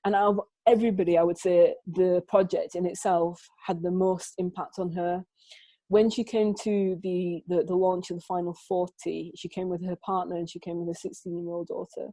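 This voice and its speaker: A woman with a lowish, mellow voice talks through her photography in an animated, storytelling way, often restarting her sentences. She is heard over a dry-sounding video call. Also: moderate pace, no room sound, poor audio. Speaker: photographer, guest. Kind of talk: conversational interview storytelling. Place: home, remote conversation.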